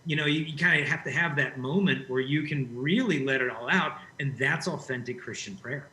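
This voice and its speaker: A man, a guest in an interview, telling stories in a lively, conversational way. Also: medium pitch, fairly quick. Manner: animated storyteller. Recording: roomy echo.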